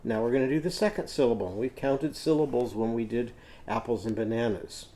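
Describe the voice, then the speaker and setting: Mellow-voiced man teaching children phonics. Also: mid-range voice. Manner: patient, sounds out words slowly for children. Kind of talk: children's literacy lesson while drawing.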